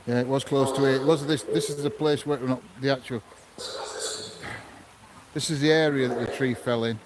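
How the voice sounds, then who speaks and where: A man's voice: medium pitch, fairly even intonation, normal speed, a loud crowd, low-quality recording. Brief: male paranormal investigator, offhand and brief, outdoor at night, voices chattering behind. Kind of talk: casual chat on a ghost hunt.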